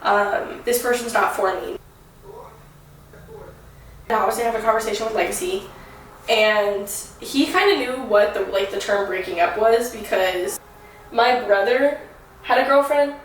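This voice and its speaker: A woman's voice: a little high, normal speed, very echoey, far from the mic, a little hiss or hum, low-quality recording. A woman in her twenties, a vlogger, talking candidly and rambling with lots of fillers while getting ready at home. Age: 20s.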